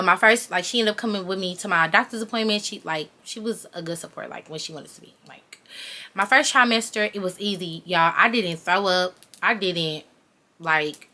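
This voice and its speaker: A woman's voice: on the low side, pushed and bright. A young adult woman telling a personal story in a casual, chatty way, talking straight to her viewers. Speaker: vlogger.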